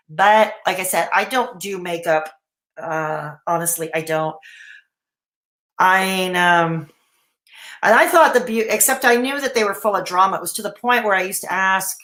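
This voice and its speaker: A woman hosting a casual live stream answers viewers' comments despite the hiccups, rambling with frequent fillers and restarts. Her medium-pitched voice is a bit bright, and the sound is roomy.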